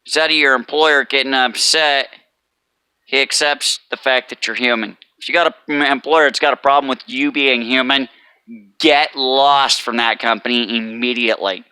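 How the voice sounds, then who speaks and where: A man's voice: medium pitch, fairly even intonation, normal speed, sharp tone, clear, resonant tone, dry recording. A man giving a casual, emphatic motivational talk who keeps repeating "let me tell you" as he preaches his advice. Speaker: chef and motivational vlogger.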